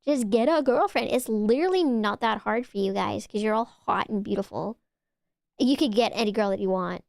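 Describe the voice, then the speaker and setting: A woman's voice: medium pitch, a little fast, creaky, a little mellow, dry recording, clean studio sound. A young woman streaming, chatting casually with her viewers in a giggly, teasing, rambling way.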